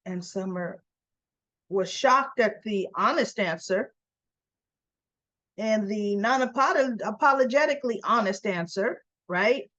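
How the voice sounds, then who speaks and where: A woman's voice: mid-range voice, slow, a bit bright, dull audio. A woman chattily retelling a soap opera episode, acting out what the characters say in a casual recap. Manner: chatty, retells scenes and acts out the characters' lines.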